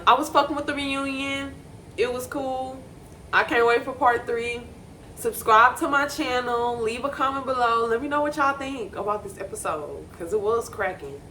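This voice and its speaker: A young woman giving blunt, profane, animated commentary on a reality show. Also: a little high, slight background noise. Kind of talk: casual reaction commentary.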